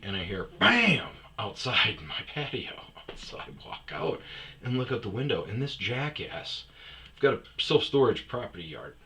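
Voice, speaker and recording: A man tells a rambling, profane story in a casual, offhand way. His voice sits a little low but comes across bright and forward. He jumps into loud, shouted bits whenever he acts out a scene. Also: slight background noise. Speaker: storyteller host. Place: lives on a self-storage property in Arizona.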